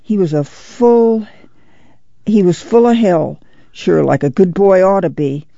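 A woman voicing a worn rural farm mother who speaks slowly and earnestly in plain folksy dialect, with a gravelly edge. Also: on the low side, warm tone, no echo, dull audio.

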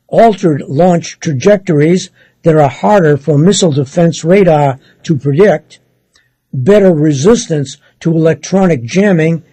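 A man reading a news article aloud in a measured, steady way, sometimes stopping to correct himself. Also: on the high side, breathy edge, no room sound, low-quality recording. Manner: measured, steady read with occasional self-corrections.

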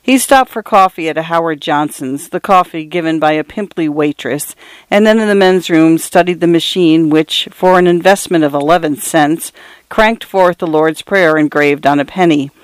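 A woman hosting a radio program, reading short stories aloud in a measured literary style. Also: deep voice, smooth, no room sound. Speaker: radio host and reader. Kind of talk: scripted short story narration.

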